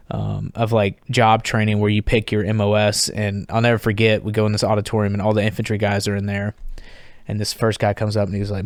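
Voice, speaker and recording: A man in his thirties, a veteran guest on a podcast, telling his story casually and candidly, swearing freely and acting out what others shouted. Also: on the low side, clean tone, no echo, clean studio sound.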